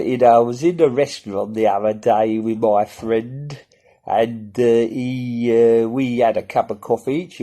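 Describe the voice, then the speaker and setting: A man playing a rambling comic character who tells silly jokes with many pauses and asides. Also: mid-range voice, a little mellow. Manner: rambling, hesitant, full of filler asides. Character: rambling male jester Lord Clan Dancer. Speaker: comedy character sketch.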